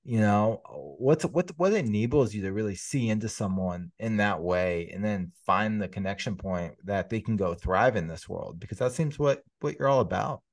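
A man's voice: fairly low pitch, lively intonation, moderate pace, hardly any pauses, no room sound. A man hosting an interview, asking reflective questions with frequent fillers. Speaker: podcast host.

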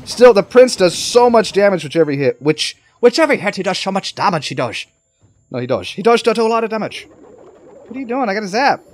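Excitable high-voiced man commentating a game. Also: a little fast, dry recording. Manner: excitable, talks to the game and viewers. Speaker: gaming commentator. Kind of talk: live gameplay commentary.

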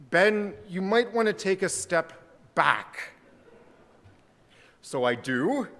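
A man, a pastor giving a storytelling sermon in a church sanctuary. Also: high voice. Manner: storytelling, warm and conversational. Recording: church sanctuary with long reverb.

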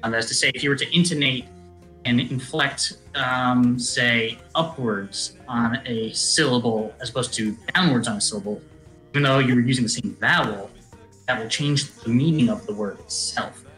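A man with a bright, forceful voice explains things at length in a lecturing way. He fills his pauses with ums. He sounds like he is in an echoey room. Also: mid-range voice, faint music behind. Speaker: guest player on a call. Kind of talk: casual chat on a game stream.

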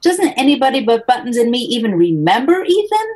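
Casting: woman reading as a young girl, small and pleading, voice lifted high. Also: fairly quick, noisy background, natural voice. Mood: upset. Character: young girl grieving her brother.

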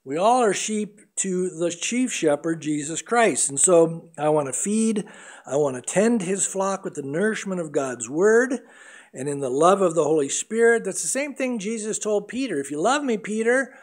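Middle-aged male pastor, earnest sermon delivery, higher-pitched voice. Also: expressive, moderate pace. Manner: earnest preaching, acts out voices in anecdotes.

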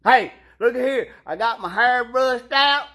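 A rowdy hillbilly man with a thick drawl, put on by a performer, whooping and cackling as he talks. His voice sits at a middle pitch, loose and folksy. He fits a homemade social media promo for a county fair. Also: a little slow, a bit bright, close to an everyday voice. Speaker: county fair mascot character.

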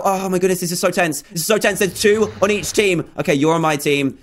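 An excitable man calls his game as he plays it, talking in a high voice. He repeats his phrases and laughs often, speaking as a gaming video host. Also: a little fast, a little hiss or hum. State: out of breath. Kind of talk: excited gameplay commentary.

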